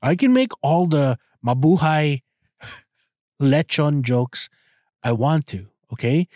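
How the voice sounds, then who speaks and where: A man's voice: a little high, animated, slow pace, pauses often, darkish tone, no room sound, clean studio sound. A man in his thirties hosting a podcast, talking in a crude, profane, rambling way with many restarts. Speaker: podcast host. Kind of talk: casual podcast monologue.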